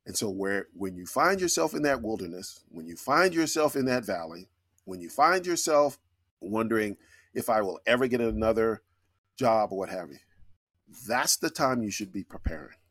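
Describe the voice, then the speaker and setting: Middle-aged male guest, low voice, dry close sound, earnest reflective storyteller. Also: sing-song, moderate pace, fairly bright tone, no echo. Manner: earnest, reflective, with frequent restarts. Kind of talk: conversational storytelling.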